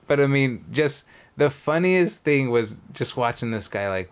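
A man's voice: medium pitch, measured pace, hardly any pauses, smooth. A man co-hosting a podcast, telling a casino story in casual chat, acting out the people in it and swearing freely. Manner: animated storyteller, acts out quotes, swears casually. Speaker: podcast co-host.

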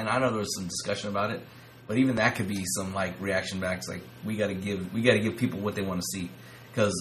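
Low-voiced, measured podcast co-host man. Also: a bit bright, a little hiss or hum, rough recording. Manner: measured, low-key, stammering. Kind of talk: casual wrestling podcast chat.

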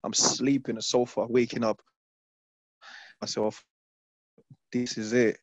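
A man from London, a former footballer, telling stories in an interview, animated and repeating phrases as he acts out his past self. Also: medium pitch, a little slow, dry recording. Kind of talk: casual interview storytelling. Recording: dull lo-fi dry sound.

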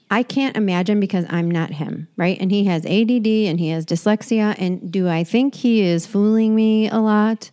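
A woman's voice: medium pitch, dark tone, clear, resonant tone. A woman in her forties co-hosting a casual chat show, telling rambling stories full of restarts. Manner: rambling storyteller with frequent restarts. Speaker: podcast co-host.

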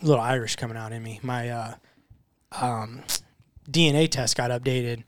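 A man's voice: medium pitch, steady tone. Upbeat young guy hosting a chat. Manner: upbeat, laughs often, quick banter. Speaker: podcast host. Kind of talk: casual chat.

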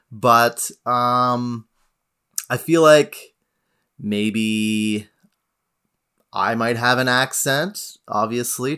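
A Canadian man co-hosting a podcast, chatting in a relaxed, rambling way with many fillers. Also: fairly low pitch. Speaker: podcast co-host. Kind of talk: casual podcast chat.

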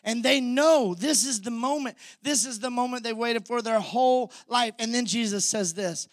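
A man's voice: sits high, unhurried, dry recording, clean studio sound. A man preaching a sermon as pastor, retelling scripture vividly and calling out to the congregation. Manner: vivid storytelling, audience call-outs.

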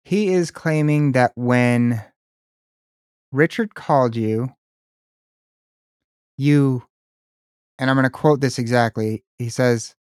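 A man interviewing a guest, asking careful, measured questions and reading documents aloud. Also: medium pitch, a little mellow, smooth, dry recording, studio quality.

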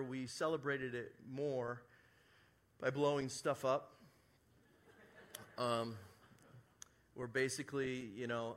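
Bright-voiced male pastor telling a story. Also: medium pitch. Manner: storytelling, animated, jokey asides. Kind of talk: sermon. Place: church service before a congregation.

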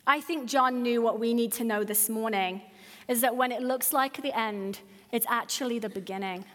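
A woman's voice: fairly high pitch, normal speed, a bit bright. A woman pastor preaching a sermon, earnest and building with repeated phrases. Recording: hall reverb.

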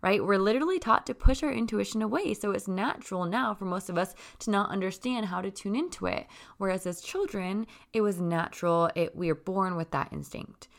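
A woman's voice: medium pitch, fairly quick, creaky, few pauses. A woman giving a casual, earnest spiritual self-help talk, chatty and conversational, often asking "right?".

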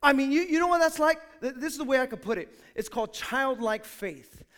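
A man preaching with a high, ringing voice and a bright, forceful edge. He drops to quiet asides and then builds to loud, fervent calls, acting out little voices as he goes. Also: a little fast. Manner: animated preaching that acts out quotes, swinging from hushed to shouting. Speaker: pastor. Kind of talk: sermon.

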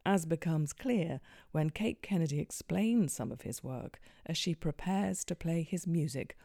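A presenter with a gravelly, mellow voice reads a formal script in a measured way. The sound is dry and close. The voice is neither high nor low. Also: expressive, no echo. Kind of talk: scripted narration.

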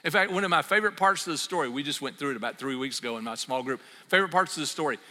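A middle-aged man preaching a sermon as pastor, telling a story in an animated way and acting out its voices. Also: fairly high pitch, very fast. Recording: long reverb of a hall.

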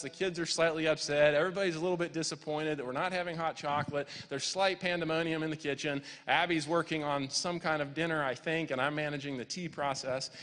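A man's voice: on the high side, a bit bright. A man in his forties, a pastor preaching a sermon, telling a family story with quoted voices and building to fervent preaching. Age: 40s. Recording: long hall reverb.

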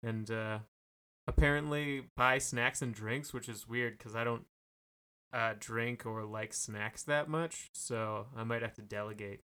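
A man's voice: mid-range voice, unhurried, sharp tone, clean tone. A man chatting casually as a podcast co-host, hesitant and full of fillers and restarts. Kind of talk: casual chat.

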